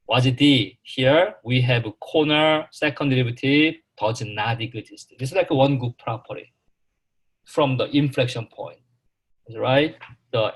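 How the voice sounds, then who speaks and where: Man, math lecturer, slow delivery, repetitive, quizzes the class. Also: mid-range voice, breathy edge. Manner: slow, repetitive, halting, asks the class questions. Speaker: math instructor.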